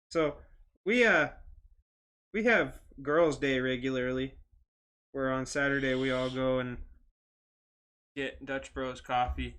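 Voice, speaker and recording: A man's voice: medium pitch, pushed and bright. A young man co-hosting a podcast, telling stories in casual chat, swearing freely and laughing often. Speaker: podcast co-host.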